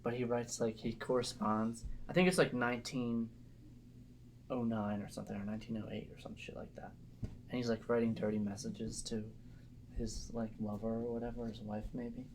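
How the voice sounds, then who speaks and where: A man co-hosting a podcast livestream in casual, laughing, profane chat, who reads aloud in a flat dry voice. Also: medium pitch, moderate pace, a little hiss or hum, low-quality recording. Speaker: podcast co-host.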